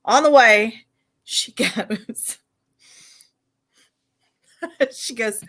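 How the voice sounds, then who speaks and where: A middle-aged woman with a Southern accent telling a family story on a casual podcast, laughing as she goes and shouting when she acts out scenes. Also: a little high, extremely slow, pauses often. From Arkansas. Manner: laughs through her own stories, shouts when acting out scenes. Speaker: podcast co-host.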